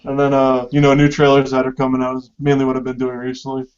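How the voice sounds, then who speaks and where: A man's voice: mid-range voice, completely flat delivery, quick pace, a little mellow, clear, resonant tone, lo-fi sound. A man co-hosting a casual movie commentary, talking in a laid-back way. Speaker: commentary co-host.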